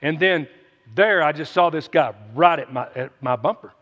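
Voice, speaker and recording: A man's voice: fairly high pitch, normal speed, a bit bright. A man, reading scripture and then preaching in a folksy, joking way with asides to listeners, speaking through a runny nose. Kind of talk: Bible reading and sermon. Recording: muffled, with long reverb.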